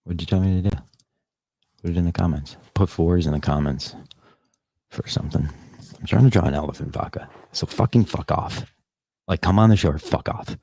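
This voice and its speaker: A man's voice: sits low, moderate pace, vocal fry, long pauses, dark tone, breathy edge, dry recording. A podcast host on a casual live stream, rambling and swearing as he talks back to the chat comments.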